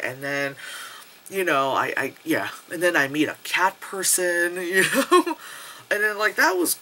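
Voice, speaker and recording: A man giving a casual spoken movie review into a nearby camera, rambling, swearing and excitable, with lots of fillers. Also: high voice, measured pace, slight background noise. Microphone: camera close to the face.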